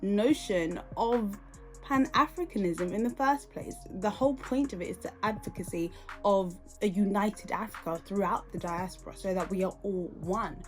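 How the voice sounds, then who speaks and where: A woman's voice: mid-range voice, normal speed, faint music behind. Brief: British woman hosting a commentary podcast, indignant and questioning, with a mid-range voice. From United Kingdom. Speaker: podcast host.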